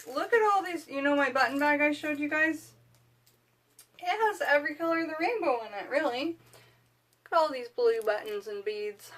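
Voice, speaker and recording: A woman's voice: a little high, fairly bright tone. A woman hosting a witchcraft video, chatting casually to camera in a rambling way with lots of fillers.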